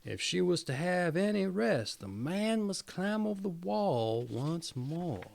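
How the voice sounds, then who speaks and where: A man reading a fairy tale aloud in an expressive, swooping storytelling manner. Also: high-pitched, a little slow, gravelly.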